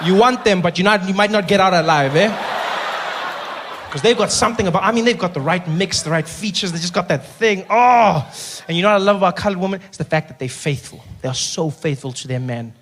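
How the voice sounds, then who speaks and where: A man with a South African accent doing an animated stand-up routine, teasing a member of the crowd by name. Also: high voice, fairly quick, slight background noise. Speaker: stand-up comedian.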